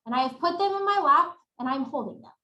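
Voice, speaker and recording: High, bright woman presenter; animated webinar teacher, echoey home webcam sound. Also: fast, highs cut off. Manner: animated, demonstrating routines aloud. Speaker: workshop presenter.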